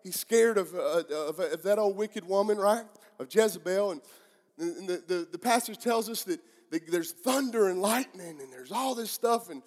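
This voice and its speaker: Southern US male pastor, middle-aged, high pitch, earnest sermon with rhetorical questions and restarts, long hall reverb. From southeastern United States. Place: church sanctuary.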